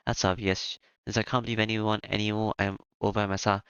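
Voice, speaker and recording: A man reading a visual novel aloud as its narrator, with a halting delivery and small fillers. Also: on the low side, little pitch movement, fairly bright tone, clear, resonant tone, dry recording. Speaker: game narrator. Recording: dull lo-fi with music behind.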